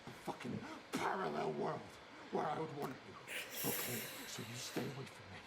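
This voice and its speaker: A man's voice: medium pitch, moderate pace, creaky, heavy background noise, lightly acted. An actor playing a strained young barman who swears and warns someone off in a TV drama. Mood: angry. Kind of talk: TV drama clip.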